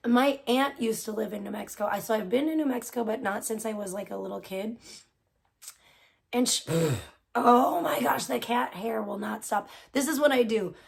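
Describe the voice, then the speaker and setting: Rambling woman streamer, higher voice. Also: moderate pace, creaky, husky. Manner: rambling, many fillers and restarts. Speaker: livestream host. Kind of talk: casual chat. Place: room at home with cats.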